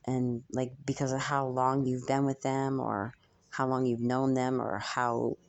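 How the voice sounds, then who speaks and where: A woman's voice: rumbling low, flat delivery, unhurried. A young woman channeling messages for her viewers in a spiritual reading, musing aloud with frequent ums and hesitations.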